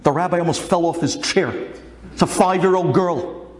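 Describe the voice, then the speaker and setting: A man telling a religious folk tale in an animated, dramatic way. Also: sits high, moderate pace. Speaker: storyteller.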